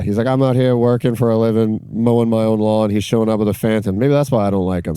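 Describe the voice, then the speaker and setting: A man chatting excitedly on a podcast, swearing freely and acting out what others said. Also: mid-range voice, brisk, clear, resonant tone, dry recording, clean studio sound. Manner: excitable, swears a lot, acts out quotes. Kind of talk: casual chat.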